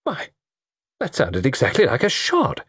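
A man voicing an irrepressible, bantering young gentleman in a storybook reading. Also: medium pitch, wildly swooping pitch, measured pace, breathy edge, dry recording, studio quality, pitched above the performer's own voice, full character voice. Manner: bantering, theatrical.

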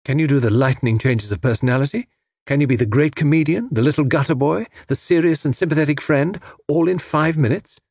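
A man reading an audiobook, voicing a mocking, skeptical young woman detective in a raised, husky voice. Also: on the high side, brisk, a little mellow, dry recording, studio quality, pitched above the performer's own voice. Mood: teasing. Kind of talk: audiobook character voice.

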